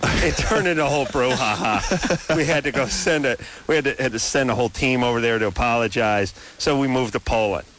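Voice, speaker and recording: A man's voice: mid-range voice, a little fast, hardly any pauses, fairly bright tone. A man hosting a late-night radio talk show, rambling and joking sarcastically through casual banter with his guests.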